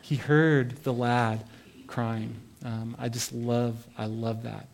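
Male Bible teacher, mid-pitch, casual devotional tone, reads and comments conversationally. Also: little pitch movement, slow pace, creaky. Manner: conversational, reads scripture then comments with asides.

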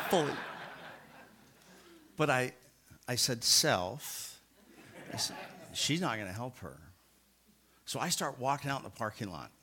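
Bright-voiced man telling a story in a sermon. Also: medium pitch. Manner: animated, self-mocking storyteller who laughs at himself. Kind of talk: anecdote told in a sermon.

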